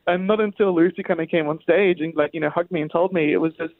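A young man in his twenties from Australia, excitedly answering questions on a phone interview and saying "like" a lot. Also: a little high, quick pace, no room sound. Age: 20s. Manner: excited, says "like" often. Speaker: guest singer. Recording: tinny phone line.

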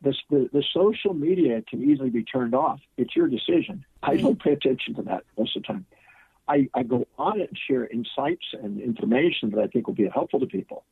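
A middle-aged man answers in an interview with a confident, emphatic, instructive manner. His voice is husky and gravelly. It comes through a dry, tinny phone line. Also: mid-range voice, lively intonation, brisk, dry recording. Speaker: guest, seminar teacher.

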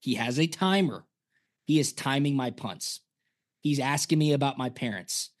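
A former punter co-hosting a casual sports podcast, telling stories and acting out quotes. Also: male voice, mid-range voice, normal speed. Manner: animated storyteller, acts out quotes.

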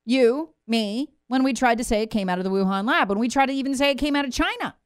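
A woman hosting opinionated political commentary, sarcastic and mocking, with sudden swings between loud jabs and low muttered asides. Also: expressive, fast, smooth, no room sound, clean studio sound. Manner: sarcastic, mocking impressions of officials.

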